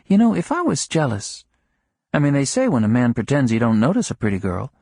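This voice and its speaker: A man reading an audiobook, voicing a fond small-town wife who coaxes and gently scolds her husband. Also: mid-range voice, very animated, a little fast, creaky, no echo, clean studio sound, voice pushed up. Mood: teasing. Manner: light, coaxing and chiding.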